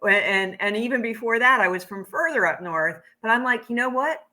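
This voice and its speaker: A woman's voice: medium pitch, fairly quick, sharp tone. A woman from Pennsylvania telling stories in a rambling, thoughtful way as a spiritual teacher in casual chat. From Pennsylvania, United States.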